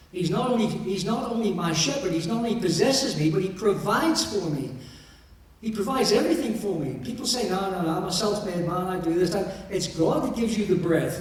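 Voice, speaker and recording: A middle-aged man leading a memorial service as minister, preaching and explaining with light joking asides. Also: high voice. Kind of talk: sermon. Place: church. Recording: echoey church from far off.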